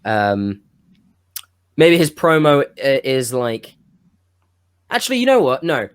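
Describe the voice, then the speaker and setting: A man co-hosting a podcast, pitching a wrestling storyline in casual chat, rambling and losing his thread now and then. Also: very animated, slow, clear, resonant tone. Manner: rambling, self-interrupting, with bursts of enthusiasm. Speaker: podcast co-host.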